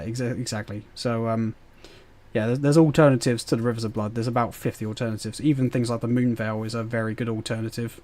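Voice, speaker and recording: A man's voice: mid-range voice, a little mellow. A British man streaming a game live, chatting and rambling as he answers his chat with fillers and laughs. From Britain. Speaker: gaming streamer.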